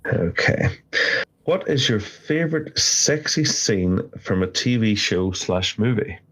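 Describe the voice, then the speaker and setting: Playful low-voiced man guest-hosting. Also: animated, takes it slowly, slightly rough, rough recording. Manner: playful, teasing. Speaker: guest host. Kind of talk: casual chat. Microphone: phone.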